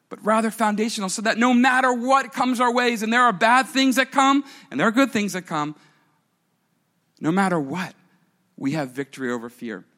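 A man preaching a sermon to a church congregation in an animated, conversational way, with playful asides. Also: high voice, in a large hall. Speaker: pastor.

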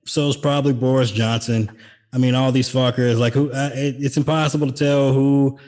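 A man's voice: medium pitch, steady tone, brisk, darkish tone. Sarcastic man hosting a podcast. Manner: wry, sarcastic asides. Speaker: podcast host. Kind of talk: casual political chat.

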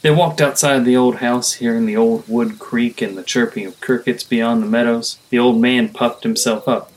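A man reading a story aloud as narrator, in a calm and measured delivery. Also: mid-range voice, rough recording. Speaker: reader, narrator.

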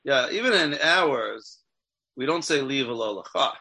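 A man's voice: medium pitch, expressive, moderate pace, crowd noise. A man teaching a text class as a rabbi, asking his students questions and checking in with them often. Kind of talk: interactive Torah class.

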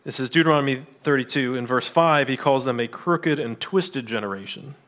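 A man preaching a sermon in a conversational manner, with asides and quick restarts. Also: mid-range voice, fairly bright tone. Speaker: pastor.

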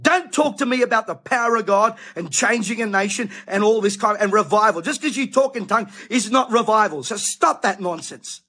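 A man's voice: high voice, animated, brisk, hardly any pauses, sharp tone, slightly rough. A middle-aged Australian man, a preacher, ranting indignantly in an impassioned monologue.

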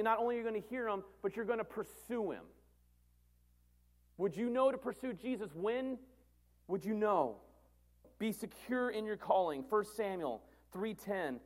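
An earnest sermon comes from a male pastor in his thirties whose voice sits high. He uses repeated phrases for emphasis and swings between loud and soft.

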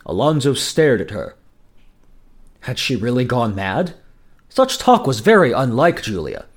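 A man reading a folk tale aloud as a storyteller, in a measured, expressive storybook narration. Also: mid-range voice.

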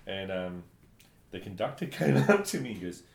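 A man from New Zealand telling travel stories in casual chat, animated and laughing often. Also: sits low, moderate pace, creaky. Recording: echoey room, faint background noise.

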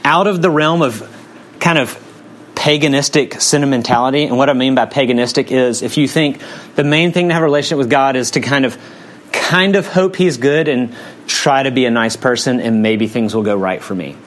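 A man's voice: medium pitch, fairly quick. A man in his forties, a pastor preaching a sermon in a conversational way, often hedging with "kind of" and "um".

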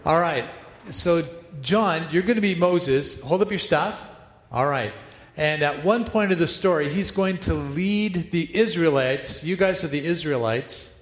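A man's voice: on the high side, measured pace. A male pastor leading an interactive Bible story for his church, upbeat and playful as he directs the congregation. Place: large church hall. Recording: echoey hall, long reverb.

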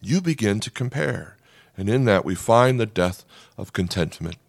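A man preaching a sermon in an animated, conversational way, often checking in with the listeners. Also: on the low side, normal speed, vocal fry, no room sound, clean studio sound. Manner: animated, conversational preaching with frequent "right?" asides. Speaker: pastor.

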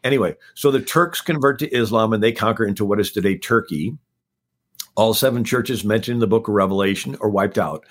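Low-pitched guy, historian guest, rattling off facts super fast like a lecture. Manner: talks fast, packing in facts one after another. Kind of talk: rapid-fire history lecture on a talk show.

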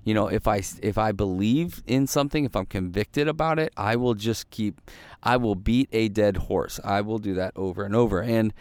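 A man's voice: lowish voice, moderate pace, darkish tone, clean tone, no room sound. A man hosting a devotional podcast, talking in an earnest, rambling way with frequent restarts and repeats. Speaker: podcast host and pastor. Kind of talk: casual devotional podcast talk.

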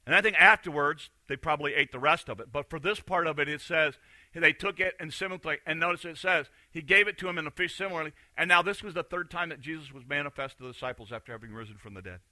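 A man's voice: a little high, quick pace, sharp tone, no echo. A man preaching a sermon in a conversational, emphatic way, repeating key phrases. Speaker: pastor.

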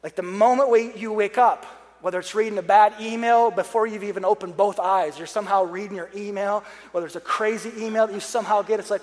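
Young male preacher, high voice, chatty sermon with jokes and earnest prayer; long hall reverb. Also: quick pace. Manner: conversational, joking asides, earnest prayer passages. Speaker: pastor.

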